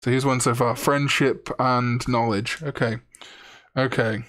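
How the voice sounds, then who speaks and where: A man's voice: mid-range voice, steady tone, measured pace, fairly bright tone. A young man from Wales, casually chatting on a live stream, reading out chat and joking around. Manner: chatty, jokey, reads chat aloud.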